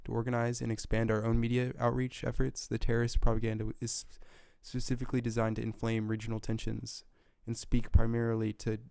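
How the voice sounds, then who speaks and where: An earnest middle-aged minister addresses the council, as a gamer reads him out. The voice is gravelly and low-key, with flat intonation and a dry sound. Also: male voice, a little fast, hardly any pauses, dry recording, natural voice. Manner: reads a formal speech aloud, stumbling over words.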